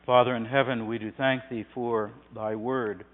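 A man preaching a sermon, building from quiet, hushed phrases to loud, swelling passages. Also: mid-range voice, level tone, moderate pace. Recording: tinny phone-like sound in a reverberant hall with hum.

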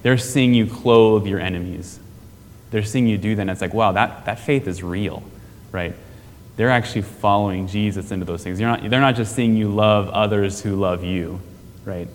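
Man, lowish voice, chatty church teacher, long reverb hall, keeps checking in with "right?". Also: moderate pace, a little hiss or hum. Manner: conversational, asks the audience questions, frequent "right?". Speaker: teacher on family discipleship.

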